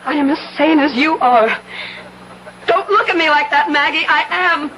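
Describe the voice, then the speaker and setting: A frantic young bride in an old radio mystery, pleading and desperate, with a very high voice. Faint noise hisses under the old broadcast. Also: female voice, moderate pace, a bit bright, low-quality recording. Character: frantic young newlywed woman, hysterical. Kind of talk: 1970s radio drama acting.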